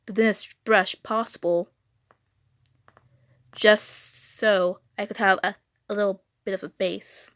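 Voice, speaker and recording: A woman's voice: medium pitch, steady tone, normal speed, a bit bright, dry recording, studio quality. Rambling young woman streaming her drawing. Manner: rambling, stuttering, self-correcting. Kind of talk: casual drawing livestream chat. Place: home room.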